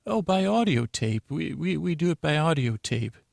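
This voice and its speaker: A man's voice: on the high side, sing-song, normal speed, gravelly, darkish tone, no echo, clean studio sound, voice pushed up, full character voice. A man putting on a prim, dismissive receptionist at a bedtime story institute, polite but curt.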